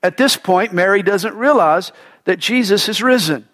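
A male pastor delivering a sermon in an emphatic, dramatic preaching manner, swinging between loud declarations and hushed drops. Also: high voice, moderate pace.

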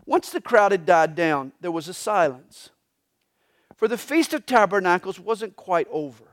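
A pastor preaching a live Sunday sermon in a church, telling the story dramatically and swinging between hushed and loud passages. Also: male voice, high voice. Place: church sanctuary during a live Sunday service.

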